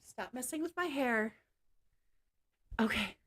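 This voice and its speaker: A woman's voice: a little high, normal speed. Blunt, chatty woman ranting on stream. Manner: candid, blunt, swears freely, laughs often. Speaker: live streamer. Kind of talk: casual ranting livestream chat.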